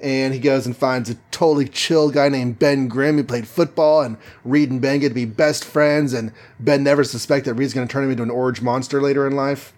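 A man in a relaxed podcast chat, retelling a comic-book plot with a jokey, rambling manner. His speech is loose and peppered with fillers, and his voice sits at an ordinary middle pitch. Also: fairly quick, few pauses. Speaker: podcast co-host. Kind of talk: casual comic-book recap.

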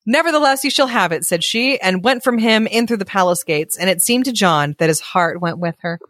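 A young woman co-hosting a podcast, reading a fairy tale aloud and chatting between passages, giggly and animated. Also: on the low side, normal speed, no echo, studio quality. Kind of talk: read-aloud storytelling with casual chat.

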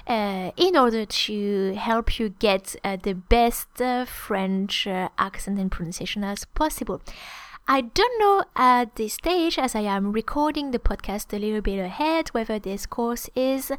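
Fairly high-voiced woman teaching French. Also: no room sound. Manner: many hesitant fillers, explanatory. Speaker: French teacher, podcast host. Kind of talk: podcast language lesson.

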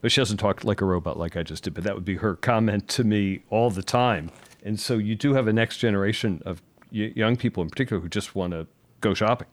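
A man's voice: lowish voice, fast, no echo. A man hosting a real estate podcast, asking questions in a conversational way with friendly asides. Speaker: podcast host. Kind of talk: podcast interview.

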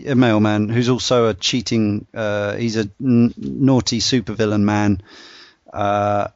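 A man in a casual podcast discussion, talking in a relaxed, rambling way with lots of "uh" fillers. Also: fairly low pitch, a little slow, dry recording, muffled recording. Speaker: podcast panelist walking through game bosses.

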